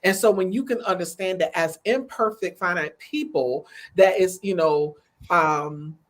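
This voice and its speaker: A woman's voice: lowish voice, measured pace. A woman co-hosting a faith talk show, answering her partner with call-and-response encouragement and then careful reasoning. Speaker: co-host.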